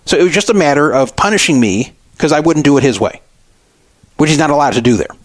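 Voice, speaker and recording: On his radio show, a middle-aged man tells an aggrieved story about a frustrating run-in at a store, acting out the arguments as he goes. He talks fast and animatedly in a slightly high voice, with no echo.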